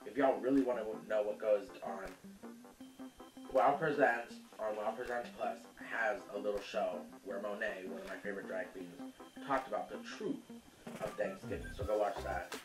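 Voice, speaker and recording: A man's voice: lowish voice, steady tone, normal speed, reverberant, distant mic, music in the background. A man hosting a casual cooking vlog, chatty and sassy, who calls viewers honey and laughs easily.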